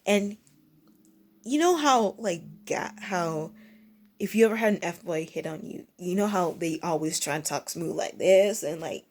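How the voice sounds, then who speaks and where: A woman's voice: unhurried, a little mellow, slight background noise. A young woman vlogger telling a story in a casual, rambling way, restarting sentences and mimicking people. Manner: rambling, self-interrupting, mimics others in high squeaky bursts.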